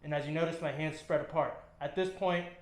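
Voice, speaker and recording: Male fitness trainer, slightly high voice, casual step-by-step cues, echoey gym room. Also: fairly even intonation, fairly quick. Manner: talks while lifting, short coaching cues with frequent ums. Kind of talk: instructional demonstration. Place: gym, indoors.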